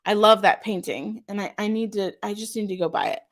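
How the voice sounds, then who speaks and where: A woman who owns a small craft shop hosts a casual live stream, gushing about her products with lots of "ums" and reading viewer comments aloud to answer them. She speaks fairly quickly in a medium pitch.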